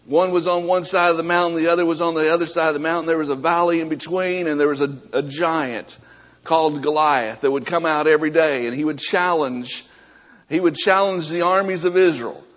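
A man preaching a sermon, moving from a quiet prayer into fervent, rising storytelling. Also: on the high side, fairly even intonation, brisk. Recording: muffled hall recording with long reverb.

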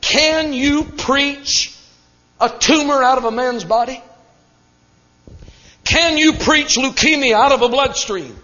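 Fervent high-voiced preacher in a hall. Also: male voice, takes it slowly, pauses often, bright, forceful tone. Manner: fervent, emphatic, repeats key phrases. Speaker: Pentecostal preacher. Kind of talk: sermon. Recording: dull recording in a reverberant hall.

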